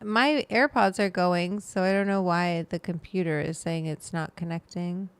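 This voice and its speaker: A woman's voice: lowish voice, steady tone, normal speed, smooth, dry recording. A woman hosting a casual livestream, rambling to her viewers and her pet as she goes. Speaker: livestream host.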